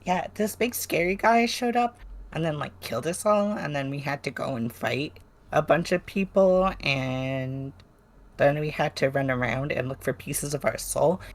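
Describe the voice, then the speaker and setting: Tabletop player, in-character banter, gravelly, mid pitch, blunt, playful. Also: normal speed.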